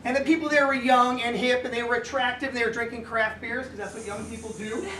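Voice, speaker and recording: A middle-aged man tells a comic story from his own life to a live audience, dry and self-mocking, with quick asides to the room. He sounds far from the mic, and the hall echoes. There is a steady wash of noise behind him. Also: extremely high pitch. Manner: wry, self-deprecating, conversational with asides to the crowd. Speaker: author telling a story at a live reading. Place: indoor live event venue.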